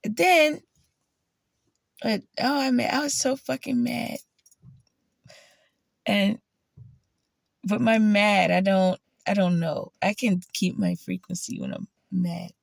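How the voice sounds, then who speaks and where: Profane, gravelly woman telling stories. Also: slow, pauses often, no room sound. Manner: profane, animated, quoting herself in a higher voice. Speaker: vlogger. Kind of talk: casual storytelling monologue.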